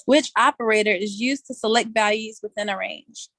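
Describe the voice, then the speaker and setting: A woman's voice: mid-range voice, normal speed, a bit bright, dry recording. A woman hosting a casual live online quiz, chatty and playful, laughing often and speaking in loose colloquial slang, talking over a video call from outdoors. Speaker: session host running a quiz.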